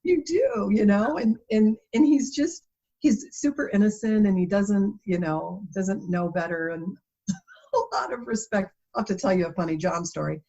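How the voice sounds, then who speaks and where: A woman's voice: medium pitch, moderate pace, creaky. A woman guest in a conversational interview, telling stories with animation and frequent laughter. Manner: animated storytelling, laughs often. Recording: dull lo-fi interview audio.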